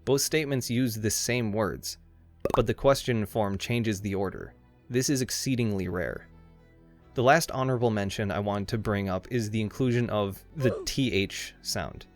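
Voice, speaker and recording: A man's voice: lowish voice, normal speed. Sarcastic, swearing man narrating a video essay. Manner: irreverent, sarcastic, swears freely. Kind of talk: scripted comedic narration. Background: faint background music.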